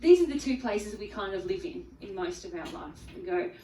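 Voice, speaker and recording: A woman's voice: medium pitch, expressive, a little fast, mellow. A woman adding her own experience to a spiritual teaching talk, reflective and thoughtful. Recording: echoey room, mic at a distance.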